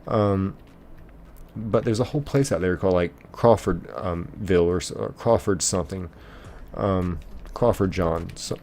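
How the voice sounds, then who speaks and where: A man's voice: low-pitched, gravelly, a little mellow, slight background noise. An American man hosting a livestream, reading out viewer comments and answering them in a rambling, casual way with many fillers. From United States. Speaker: livestream host.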